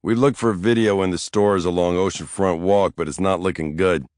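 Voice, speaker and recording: A gruff, blunt big-city detective with a low, plain-spoken voice, as an audiobook narrator puts him on. He talks in short, hard sentences, recorded dry and close. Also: fairly even intonation, moderate pace, a little mellow, no echo, lightly acted. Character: blunt big male police detective, middle-aged.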